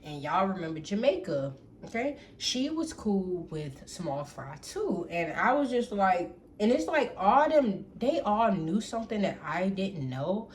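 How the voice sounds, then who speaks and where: A young woman tells a personal story straight to camera in a loose, animated way, cursing freely and calling out to her viewers. A faint noise floor runs under the recording. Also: mid-range voice, measured pace. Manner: animated, profane, keeps addressing the audience as y'all. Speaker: storytime vlogger.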